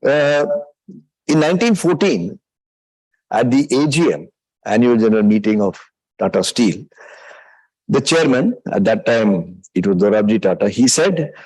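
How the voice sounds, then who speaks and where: A man's voice: on the low side, lively intonation, unhurried, pauses often, a little mellow, breathy edge, no room sound, rough recording. An older man with an Indian accent giving a public lecture, reflective and full of anecdotes, now and then slipping in Hindi phrases. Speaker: guest speaker, retired business executive.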